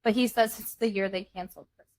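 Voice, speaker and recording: A woman's voice: mid-range voice, fairly even intonation, quick pace, no room sound. A young woman co-hosting a podcast, telling a family story in a blunt, candid, casual way. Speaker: podcast co-host. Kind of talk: casual chat.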